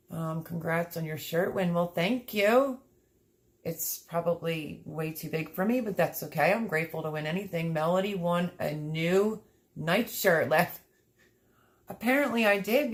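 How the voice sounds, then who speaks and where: A woman hosting a livestream, chatting casually and reading out viewer comments, effusive and a little teary. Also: lowish voice. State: sniffling, teary. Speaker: livestream host.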